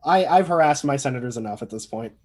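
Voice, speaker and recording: A man's voice: medium pitch, lively intonation, quick pace, darkish tone. A man co-hosting a podcast, chatty and joking in casual conversation. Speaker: podcast co-host.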